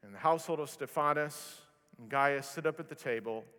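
A male preacher with a notably high voice telling stories in an animated sermon, joking at his own expense. His voice rings out with a long reverb from a large church hall. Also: a little fast, smooth. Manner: animated storytelling with self-deprecating humor. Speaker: pastor. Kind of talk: sermon with storytelling.

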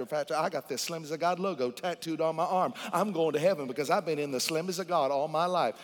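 A high-voiced man preaches a sermon with fervor, his volume swinging from hushed asides to loud appeals. He speaks straight to the people in front of him, like a pastor leading his own church. His voice rings out with a long reverb that fills the sanctuary. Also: quick pace, few pauses. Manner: addresses the congregation directly.

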